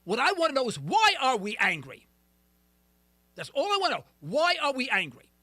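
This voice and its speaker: A middle-aged male talk radio host delivers an emphatic, ranting monologue, now and then poking fun at himself. His voice sits very high and sounds bright and sharp, and his pitch swings widely. The studio sound is close and dry. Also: wildly swooping pitch, normal speed, no echo. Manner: emphatic, ranting, self-deprecating. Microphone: studio mic.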